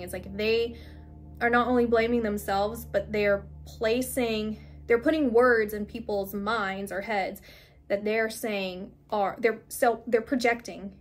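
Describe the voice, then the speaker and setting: A young woman giving a casual spiritual card reading, rambling with many fillers and restarts, gently reassuring. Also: mid-range voice. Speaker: tarot reader.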